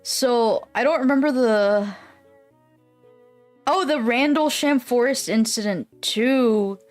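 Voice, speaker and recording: A live streamer with a slightly high voice speaks slowly as she chats casually with viewers, rambling, cursing frequently, and laughing easily. There's faint music behind her.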